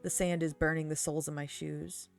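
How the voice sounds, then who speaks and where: A woman's voice: sits low, level tone, fairly quick, gravelly, soft background music. A young woman streamer reading a visual-novel game aloud with giggly, swearing commentary.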